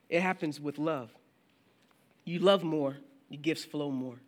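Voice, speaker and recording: High-voiced man preaching conversationally. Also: fairly even intonation, unhurried. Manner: conversational preaching, acts out questions from listeners; frequent restarts and filler phrases. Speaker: pastor. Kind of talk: sermon.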